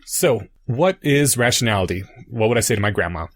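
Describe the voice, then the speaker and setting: A man's voice: mid-range voice, animated, a little fast. A young adult man co-hosting a podcast, patiently explaining ideas through analogies in casual chat. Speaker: podcast co-host.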